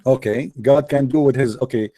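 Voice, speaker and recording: A man's voice: medium pitch, moderate pace, warm tone, no echo. A man hosting a heated debate, insistent and repeating himself as he talks over the other speaker. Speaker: show host debating a caller.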